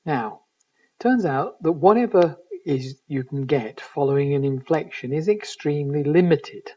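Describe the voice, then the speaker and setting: A man giving a recorded university lecture in linguistics, measured and explanatory, often pausing to find his words. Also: on the high side, a little mellow. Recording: distant, dull lo-fi recording.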